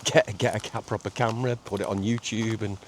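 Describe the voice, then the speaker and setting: A middle-aged man, chatting casually in a walking vlog on a seaside promenade, halting with many repeats and fillers. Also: fairly low pitch, little pitch movement. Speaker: vlogger. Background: faint outdoor ambience with traffic and seagulls.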